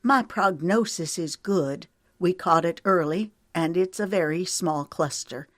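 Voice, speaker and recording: A woman's voice: fairly low pitch, a little slow, no echo, clean studio sound. A woman narrator voicing a frightened mother whose voice trembles as she breaks hard news.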